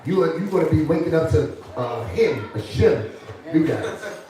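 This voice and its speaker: Emphatic male preacher, slightly high voice, recorded from across the room. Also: animated, moderate pace, dark tone. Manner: emphatic, leads scripture reading. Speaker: street preacher. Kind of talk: preaching to a group. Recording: echoey room from far off, faint noise.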